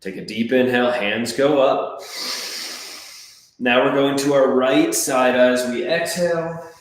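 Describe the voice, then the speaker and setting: A man coaching a breathwork class, calmly counting and giving gentle step-by-step cues. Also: mid-range voice, a little slow. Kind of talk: guided breathwork class instruction. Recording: very echoey room.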